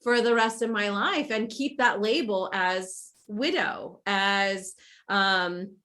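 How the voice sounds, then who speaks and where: A woman guest on a podcast, talking in animated, run-on sentences full of fillers and restarts. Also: medium pitch, takes it slowly. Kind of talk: casual podcast conversation.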